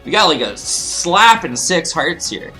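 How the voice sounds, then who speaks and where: Canadian man, lively pitch swings, bright voice, chatty rambling game commentary. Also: measured pace, faint music behind. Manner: chatty, rambling, with bursts of goofy exclamations. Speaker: gaming video host. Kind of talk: casual let's-play commentary.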